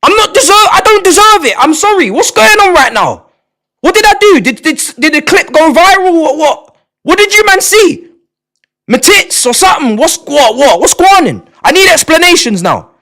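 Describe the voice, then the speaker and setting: A man, chatting live on stream to his viewers, excitable, repeating and stumbling over words, sometimes shouting. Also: normal speed. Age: 20s. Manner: shouts in bursts, then drops to low mutters. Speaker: livestreamer.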